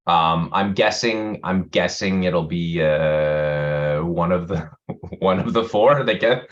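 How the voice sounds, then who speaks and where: Speaking slowly in a very low voice, a male actor guest discusses his work in a relaxed interview. His talk wanders and he frequently starts sentences over, laughing easily, while the sound comes through muffled and lo-fi as on a video call.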